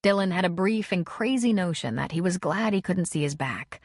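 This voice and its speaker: Low-voiced woman narrating an audiobook. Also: animated, normal speed, no echo, clean studio sound. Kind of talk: scripted narration.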